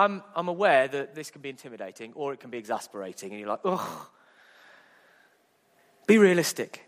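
A man preaching a sermon as pastor, lively and humorous, asking the congregation rhetorical questions. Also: high-pitched. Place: church. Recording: echoey church hall.

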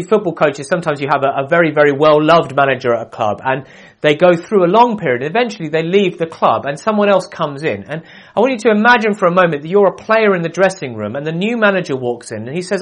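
Male preacher, lively sermon storyteller, voice a touch higher than usual, voices the quotes himself. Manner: animated storytelling, acts out quoted lines.

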